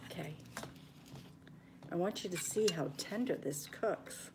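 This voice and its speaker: A woman's voice: fairly low pitch, measured pace, long pauses, background noise. Chatty older woman cooking on a home live stream. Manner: chatty, homey, talks to viewers while cooking, drops to a near whisper at times. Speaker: homestead cooking vlogger. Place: home kitchen.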